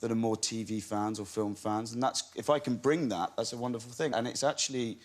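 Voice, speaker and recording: A man, an actor guest on a talk show, telling anecdotes in a relaxed, self-deprecating way. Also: mid-range voice, brisk. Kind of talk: chatty interview.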